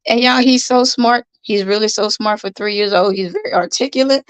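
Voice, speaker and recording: A woman's voice: medium pitch, brisk, clear, resonant tone, no echo, rough recording. A middle-aged woman, hosting a casual livestream from her bed, tired, chatty, repeating herself and greeting viewers by name. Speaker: livestream host. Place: in bed at home.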